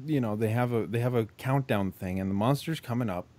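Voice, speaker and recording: A man's voice: medium pitch, brisk, darkish tone. A man co-hosting a podcast, casually retelling a horror movie plot, swearing freely and circling back on himself with lots of filler. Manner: profane, rambling, lots of "like" and restarts. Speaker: podcast co-host.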